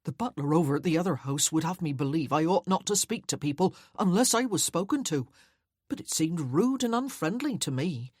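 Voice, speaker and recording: A bright, eager young footman, as a woman narrator puts him on, chattering quickly and cheerfully in a raised, lively voice. The storybook servant sounds keen and talkative, a little husky underneath. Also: a little high, no echo, studio quality.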